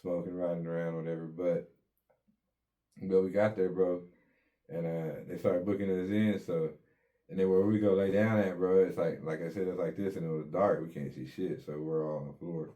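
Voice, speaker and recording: A man with a deep, mellow voice recounts his own life in an interview. His talk is easygoing street slang, peppered with curses. He slips into quoted dialogue as he tells it. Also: little pitch movement, normal speed. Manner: laid-back street slang, swears often, acts out quotes. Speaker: guest telling his life story. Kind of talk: casual storytelling interview.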